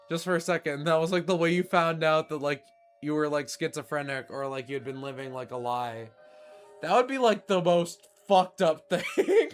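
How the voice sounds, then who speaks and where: A man streams a story game with casual, excitable commentary, swearing and shouting out loud. His voice is clear and smooth, pitched a little high. Soft game music plays faintly behind him. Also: moderate pace.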